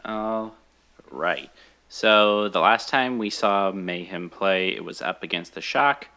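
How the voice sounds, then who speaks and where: Deep, bright-toned man explaining game maps. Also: lively intonation, slow. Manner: explanatory, matter-of-fact. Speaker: co-host. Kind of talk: casual esports chat.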